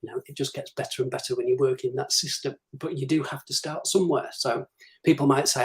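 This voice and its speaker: A man's voice: medium pitch, steady tone, quick pace, low-quality recording. A man speaking as the guest on a live-streamed interview, talking through business development advice and acting out the questions clients put to him. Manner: practical, advisory, acts out clients' questions.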